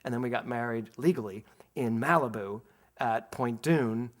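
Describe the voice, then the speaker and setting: A man's voice: medium pitch, normal speed. A middle-aged man from Philadelphia, preaching a sermon to his congregation and acting out a family story. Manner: animated storyteller, laughs and acts out voices, speaks to the congregation. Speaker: minister. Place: spiritual center sanctuary.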